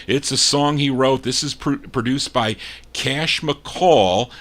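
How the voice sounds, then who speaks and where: A man hosts an oldies record show with a chatty manner, reading label details aloud between spins. He trips over his words and corrects himself as he goes, in an ordinary mid-pitched voice. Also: slow, fairly bright tone. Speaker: radio show host. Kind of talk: casual record-spinning DJ patter.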